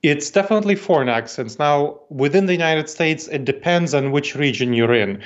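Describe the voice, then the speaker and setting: A man's voice: a little high, lively intonation, moderate pace, lo-fi sound. A man in his forties, from Moldova, with an Eastern European accent tinged with New York, explaining ideas methodically as an interview guest. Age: 40s. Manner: methodical, explanatory, repeats key points. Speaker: guest expert.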